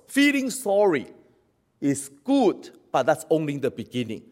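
A male pastor delivers an impassioned sermon. His pitch swoops widely as he moves between loud exhortation and hushed, quiet lines, and he paces his words slowly. He repeats key phrases for emphasis.

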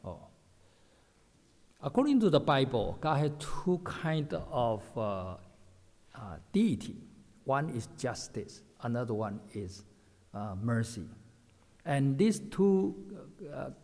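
A man's voice: medium pitch, very animated, darkish tone. Preacher guy, lots of uh's, asks questions then answers them, big echoey hall. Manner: halting, many fillers, repeats points, rhetorical questions. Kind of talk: sermon. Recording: echoey hall with long reverb.

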